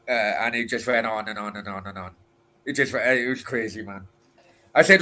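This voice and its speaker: Bright-toned man, crude rambling. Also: mid-range voice, brisk. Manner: rambling, crude and swearing, with laughter and filler restarts. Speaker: livestream host answering chat. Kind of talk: casual late-night Q and A chat.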